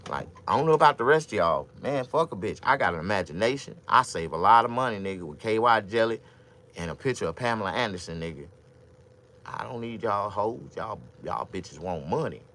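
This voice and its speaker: Deep-voiced man ranting crudely to viewers. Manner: loud, crude, animated rambling with sudden shouts; drawling, repeats himself, thinks aloud. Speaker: vlogger. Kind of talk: casual comedic rant to viewers.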